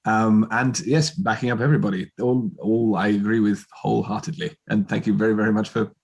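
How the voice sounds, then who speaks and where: A man's voice: on the low side, fairly even intonation, brisk, gravelly, darkish tone, husky. A man on a video call, speaking in a wry, wordy, amused way. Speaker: cast member. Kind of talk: casual chat on a video call.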